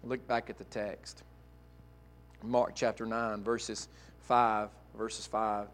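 A male pastor preaching a sermon, dropping to quiet asides and climbing to loud, emphatic peaks. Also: little pitch movement, slow, pauses often. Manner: swings from soft asides to loud, high-pitched emphatic preaching.

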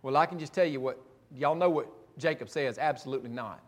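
High-voiced preacher, folksy. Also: male voice, a little fast. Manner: folksy, conversational storytelling with frequent restarts. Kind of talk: sermon, retelling scripture.

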